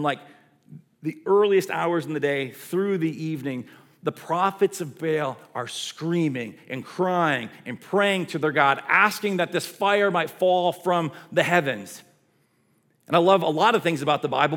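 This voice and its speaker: A male pastor preaching a sermon, retelling a story in a lively way with casual asides. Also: on the high side.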